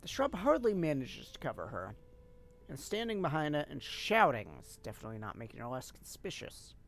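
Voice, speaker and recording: A streamer reading a game's narration aloud on a live stream, unhurried and expressive, with casual asides. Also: medium pitch.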